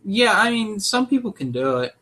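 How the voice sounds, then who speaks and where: A young man co-hosting a casual podcast, talking in an animated, opinionated way. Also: high-pitched, moderate pace. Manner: animated, opinionated, jumps into loud mock voices. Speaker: podcast co-host.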